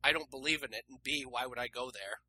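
A man co-hosting a comedy podcast, chatting casually with quick sarcastic quips and free swearing. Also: mid-range voice, sharp tone. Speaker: podcast co-host.

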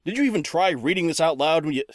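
A man's voice: on the high side, lively intonation, fast, dry recording, studio quality. A man narrating a comedy show, exasperated and sarcastic. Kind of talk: comedic narration and phone-call bit.

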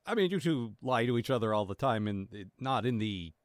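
A man's voice: mid-range voice, animated, brisk, no room sound. A man co-hosting a podcast, reviewing a cartoon in casual chat with exasperated, cynical rants. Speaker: podcast co-host.

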